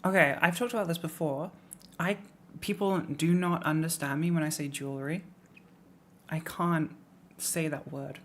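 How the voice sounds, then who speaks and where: Low-voiced British woman chatting casually. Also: fairly even intonation, normal speed. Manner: rambling, trails off quietly at ends of phrases. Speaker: streamer. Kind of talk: casual live-stream chat.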